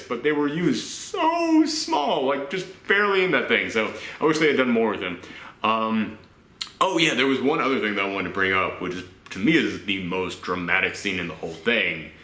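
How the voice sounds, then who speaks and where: A man hosting a casual movie reaction chat, rambling and animated, acting out lines in silly voices. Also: medium pitch, normal speed, echoey room.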